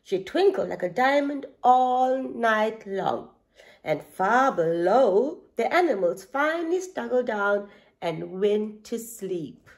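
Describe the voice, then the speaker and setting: Woman teacher reading aloud to preschoolers; slow, animated, asks the children questions. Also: a little high. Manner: expressive, asks young listeners questions.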